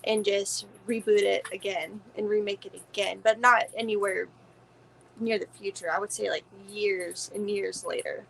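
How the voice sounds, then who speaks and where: A woman's voice: medium pitch, fairly even intonation, moderate pace, creaky, slight background noise, rough recording. A woman guest in a casual watch party chat, talking chattily with lots of "like" and swearing. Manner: chatty, swears, heavy use of "like".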